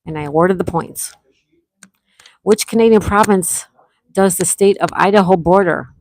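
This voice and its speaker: A woman's voice: fairly low pitch, moderate pace, darkish tone, poor audio. A woman hosting a casual live-stream trivia game, reading each question twice and greeting players by name.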